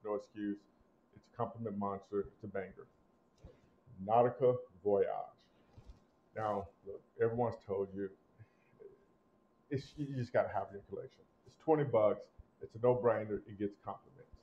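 A man hosting a casual fragrance review, talking emphatically and swinging between loud punchy lines and low asides. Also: fairly even intonation, moderate pace, pauses often, dull audio, slight background noise. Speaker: host.

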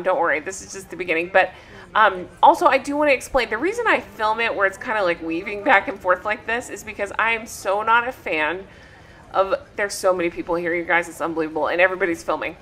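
A woman's voice: mid-range voice, bright, forceful tone. A woman hosting a travel vlog and chatting in a gushing, breathless way. She sounds tired from travel and talks into a travel mic. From United States. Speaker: vlog host. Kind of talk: excited travel vlog chat.

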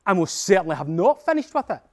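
A man's voice: sits high, very animated, fast. A man with a Scottish accent voicing a vain female ghost who boasts about her singing. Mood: haughty. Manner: haughty and boastful. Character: vain shrieking female ghost, the grey lady.

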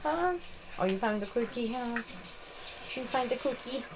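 A woman's voice: on the high side, expressive, moderate pace, long pauses. A middle-aged woman, a dog breeder, cooing at puppies in a sing-song baby-talk voice, repeating pet words while she films them in a nursery. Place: indoor puppy nursery. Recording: noisy home video.

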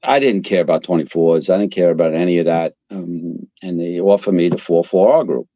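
An older man from Queens, New York, who used to be a fire captain, speaks in a deep voice at a fairly quick pace. As a casual interview guest he tells blunt, profane, animated stories, on a dry recording with dull lo-fi sound.

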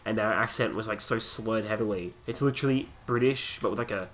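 A young Australian man casually commentating a wrestling video game, joking crudely and breaking into excited wrestling calls. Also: on the low side, fairly quick. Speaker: gaming commentator. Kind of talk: casual let's play commentary.

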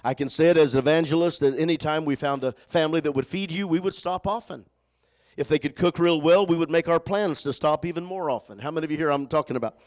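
A man preaching a sermon, telling a Bible story and calling on his congregation to answer, moving between loud exhortation and hushed storytelling. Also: a little high, quick pace. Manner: preaching with call-and-response to the congregation; repeats words when starting phrases. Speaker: pastor.

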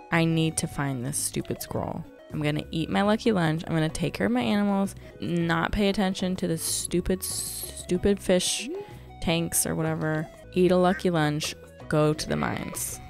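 A young woman hosting a casual let's-play, muttering in exasperation and then bursting into relieved excitement. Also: low-pitched, measured pace, gravelly, faint music behind. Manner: animated, exasperated muttering with sudden joyful outbursts. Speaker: gaming channel host.

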